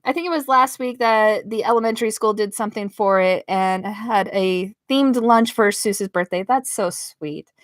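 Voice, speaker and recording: Gushing proud mom on a dry livestream. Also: female voice, mid-range voice, fairly bright tone, no room sound. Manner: emotional, gushing, laughs often, chokes up. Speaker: livestreaming vlogger, parent. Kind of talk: casual live-stream chat with viewers. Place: her bedroom at home.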